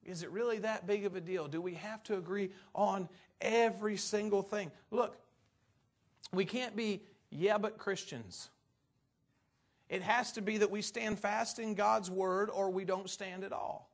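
A pastor preaching a sermon to his church, talking in a relaxed, folksy way with asides and stories, then pressing his points firmly. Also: high voice, measured pace. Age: adult parent. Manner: folksy and conversational, turning emphatic on doctrine.

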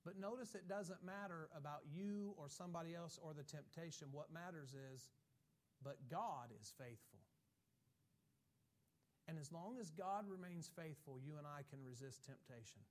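A pastor with a slightly high voice preaches at a moderate pace, delivering his sermon emphatically. He reads scripture and mimics the excuses people make. He has Irish ancestry.

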